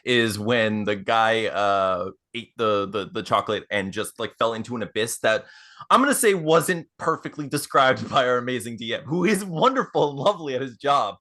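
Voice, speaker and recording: Bright, laughing man at the table. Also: medium pitch, lively intonation, normal speed. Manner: laughing, rambling storyteller. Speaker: player. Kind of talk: casual tabletop podcast chat.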